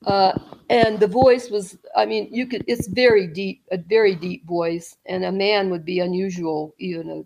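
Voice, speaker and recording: A middle-aged woman telling a story as an interview guest, rambling, with restarts and soft laughs. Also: medium pitch, steady tone, normal speed, creaky, slight background noise.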